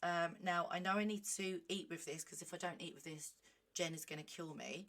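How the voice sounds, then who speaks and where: Woman vlogging, lively chatty asides, voice sits a bit low. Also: a little fast, a little hiss or hum. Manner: animated, chatty, self-mocking asides. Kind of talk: casual chat, reading a leaflet aloud.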